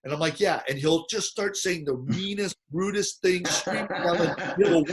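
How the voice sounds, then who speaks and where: Man, host, casual chat, animated storyteller, slightly high voice. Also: moderate pace.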